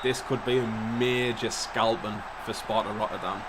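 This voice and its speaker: A young man giving casual, excitable play-by-play commentary on a football management game, swearing now and then. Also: lowish voice, normal speed, noisy background. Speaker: gaming YouTuber.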